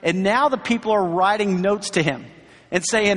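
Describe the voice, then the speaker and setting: A middle-aged man preaches to his church, his voice pitched high for a man. He tells stories in an earnest, encouraging way, dropping in asides as he goes. The sound rings with the long reverb of a large sanctuary. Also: moderate pace, fairly bright tone. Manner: storytelling, earnest and encouraging, many asides like "right?" and "you know". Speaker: pastor. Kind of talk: sermon.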